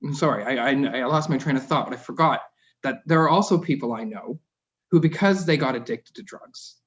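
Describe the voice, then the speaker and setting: A man's voice: medium pitch, fairly quick. Emotional Canadian man, dull audio. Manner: impassioned, voice rising and breaking off. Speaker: city councillor. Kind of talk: council meeting speech.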